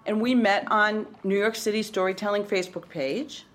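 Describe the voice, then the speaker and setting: A woman in her sixties from Wisconsin with a light Midwestern accent, talking as a guest in a casual interview, reflective and pausing with fillers. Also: mid-range voice, fairly even intonation, fairly bright tone. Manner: reflective, frequent fillers and restarts.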